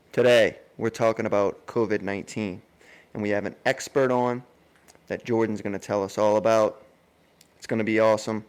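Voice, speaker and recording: Low-voiced American guy hosting a podcast, jokey ad reads, halting explanations. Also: smooth. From United States. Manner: joking, with loose, halting explanations. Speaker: podcast co-host. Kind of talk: casual podcast chat and ad reads.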